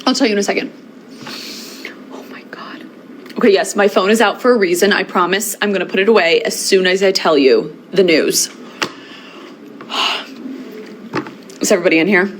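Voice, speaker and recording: A woman's voice: medium pitch, moderate pace, pauses often, slight background noise. A woman teacher in a social media skit, bubbly and breathless as she addresses her class.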